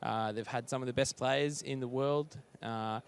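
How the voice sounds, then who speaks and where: A man's voice: medium pitch, steady tone, normal speed, gravelly, smooth. A man doing blunt, joking live esports commentary and analysis. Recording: faint music behind.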